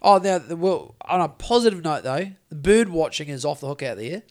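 Podcast co-host, New Zealand man, fairly high voice, swears freely, rambles and jumps between stories. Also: brisk. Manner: sweary, rambling, animated storytelling. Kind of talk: casual chat.

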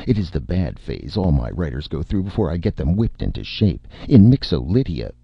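A man voicing a bombastic, self-important male film director who shouts his lines theatrically, in a dry, slightly muffled recording. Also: rumbling low, big pitch swings, moderate pace, vocal fry, slightly rough, dry recording, exaggerated voice. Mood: indignant.

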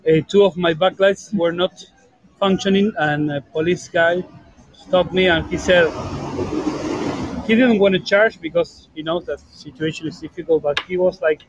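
A man's voice: sits high, moderate pace, highs cut off, slight background noise. A man from Argentina calling in to a podcast from a bar, chatting and teasing his co-hosts. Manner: joking, teasing banter. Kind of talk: casual chat.

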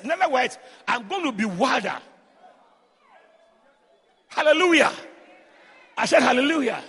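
A man preaching loudly in church, fervent and calling out to the congregation. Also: very high voice, very animated, a little slow, pauses often, husky, a faint crowd. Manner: loud, fervent, call-and-response. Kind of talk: shouted sermon. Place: church hall. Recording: long hall reverb.

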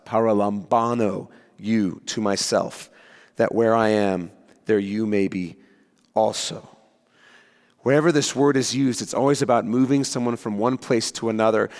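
A male pastor preaching to his congregation in an emphatic, deliberate way, drawing out the words he wants to land. His voice sits in a middle register and rings out with a long reverb off the walls of a church hall. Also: medium pitch. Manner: emphatic, slows down to stress key words. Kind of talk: sermon.

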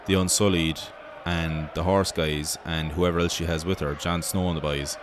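A man's voice: low voice, steady tone, normal speed, noisy background. An Irish man hosting a show, giving joking, profane mock sports commentary in rambling banter. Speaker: host.

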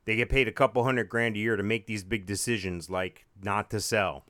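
A man's voice: on the low side, steady tone, brisk, sharp tone. A man co-hosting a casual podcast chat, joking and wry, rambling through restarts. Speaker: podcast co-host.

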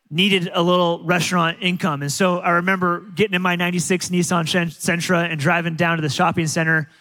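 A man preaching a sermon as a pastor, telling stories in an animated way with frequent restarts. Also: high-pitched. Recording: long hall reverb.

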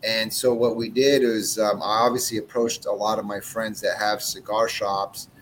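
A man's voice: fairly low pitch, flat delivery, normal speed, slight background noise, rough recording. Brash, profane cigar-business man. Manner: blunt, profane, brash storytelling. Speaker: cigar brand owner. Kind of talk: casual interview chat.

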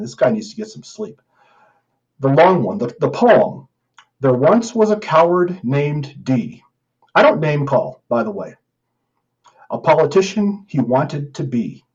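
A man with a fairly high voice hosts a podcast monologue in an indignant, emphatic manner. He reads comments aloud and answers them point by point. The sound is somewhat dull and lo-fi. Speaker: podcast host.

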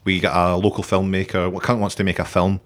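A man's voice: low voice, flat delivery, fast. Sweary, laughing man. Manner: jokey, sweary, laughs often. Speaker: podcast co-host. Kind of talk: casual chat.

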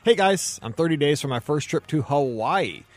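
A man's voice: fairly high pitch, animated, normal speed. A man with a Midwestern accent hosting a podcast, talking enthusiastically with plenty of restarts and reading listener emails aloud. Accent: Midwestern American. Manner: enthusiastic, many fillers and restarts. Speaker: podcast host.

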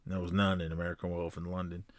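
A man's voice: sits low, little pitch movement, racing, no room sound, clean studio sound. A man hosting a podcast, casually retelling a movie in a rambling way full of fillers and restarts. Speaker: podcast host.

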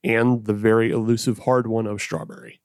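A man co-hosting a podcast in casual chat, jokey and profane, spinning animated bits. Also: lowish voice, a little fast, clean tone, no echo, clean studio sound. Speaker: podcast co-host.

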